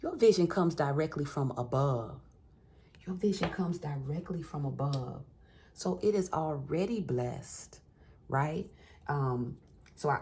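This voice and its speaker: A woman's voice: low-pitched, darkish tone, breathy edge. A woman giving an encouraging collective tarot reading, repeating phrases for emphasis and calling the listener baby and honey. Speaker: tarot reader.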